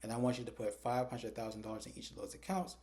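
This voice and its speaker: A man's voice: medium pitch, flat delivery, warm tone. A man giving a casual recap of a TV episode, recorded on his phone, quoting the characters' lines as he goes. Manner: retells scenes, acting out characters' lines in quick quotes. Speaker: TV episode reviewer. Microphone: phone camera.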